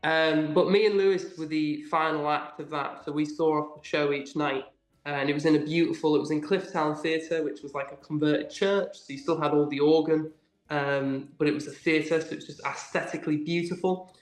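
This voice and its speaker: A man's voice: fairly high pitch, steady tone, moderate pace, reverberant. A young man from England, an actor, chatting eagerly in a casual interview with lots of ums and likes. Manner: enthusiastic, many ums and likes. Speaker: actor guest. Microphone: video call.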